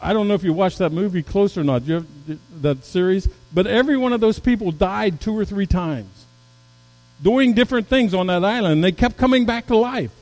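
Mellow-voiced man preaching a sermon. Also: brisk, poor audio. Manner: rises to emphatic peaks, drops low and soft. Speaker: pastor.

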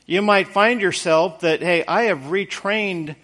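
A man's voice: high voice, a little slow, bright, forceful tone. A man preaching a conversational sermon in an earnest, folksy way, repeating words for emphasis.

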